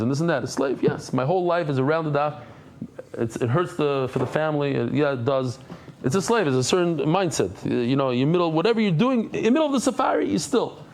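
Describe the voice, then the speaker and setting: A man's voice: on the high side, fast talker, a little hiss or hum. A man teaching a Talmud class, telling stories with acted-out voices and Hebrew and Yiddish terms. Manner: animated storytelling, acts out characters, mixes Hebrew and Yiddish terms. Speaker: Daf Yomi teacher.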